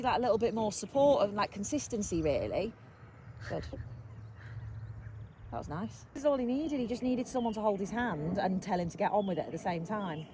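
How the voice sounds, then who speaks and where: A woman's voice: medium pitch, lively intonation, a little fast, a little mellow, slight background noise. A woman coaching from the ground outdoors, encouraging and calling out instructions. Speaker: riding coach. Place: outdoors at a cross-country course.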